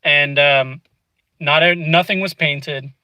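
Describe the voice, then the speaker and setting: A man's voice: a little high, steady tone, slow, pushed and bright, clear, resonant tone, no echo, rough recording. A man vlogging from inside a car, casually telling a frustrating story and peppering it with "dude" and "you know what I mean.".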